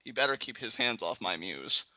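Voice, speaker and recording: Lively, bright-voiced joking man. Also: fairly low pitch, normal speed, no room sound, low-quality recording. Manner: animated, jokey, playfully dramatic. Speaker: guest co-host. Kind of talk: casual live reaction chat.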